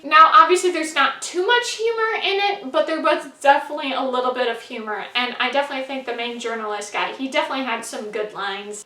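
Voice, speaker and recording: A high, bright-voiced woman talks through a film she just saw in a loose, chatty way, leaning on "like" and "you know". She sounds a little away from the mic in an echoey room. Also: distant mic. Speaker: movie reviewer. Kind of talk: casual spoken movie review.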